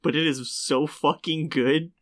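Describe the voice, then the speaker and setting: A man chatting casually with friends about cartoons and comics, excitable and swearing freely. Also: fairly high pitch, measured pace. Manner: excitable, breaks into laughter, swearing. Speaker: podcast co-host. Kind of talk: casual chat.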